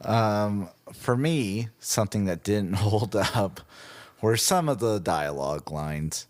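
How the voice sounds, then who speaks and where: Slow-talking low-voiced male co-host. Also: expressive. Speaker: podcast co-host. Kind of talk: casual chat.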